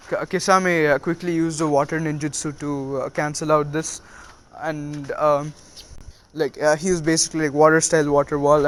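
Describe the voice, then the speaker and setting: A man casually retelling a story with many halting fillers. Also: on the high side.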